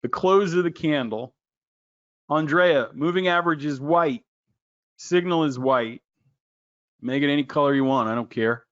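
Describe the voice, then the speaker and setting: An excitable man with a fairly high voice runs a trading lesson. He gets loud, jokes around and calls on his listeners by name. The recording sounds dull and lo-fi. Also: smooth. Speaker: trading educator. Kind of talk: animated screen-share trading lesson.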